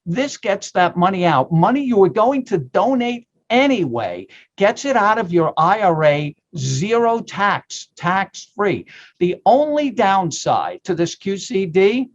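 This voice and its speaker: An emphatic man with a fairly high voice walks listeners through tax rules as a guest expert on a radio show. He talks in punchy bursts and now and then slides into a playful mock sales pitch. The recording sounds a little dull and lo-fi. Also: big pitch swings, a little slow.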